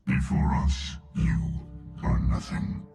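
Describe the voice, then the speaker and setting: An actor playing an ancient, arrogant male machine overlord in a video game, speaking in slow, ominous pronouncements through a heavy echo effect. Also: over loud music. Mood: menacing. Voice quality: deep gravelly reverberating voice.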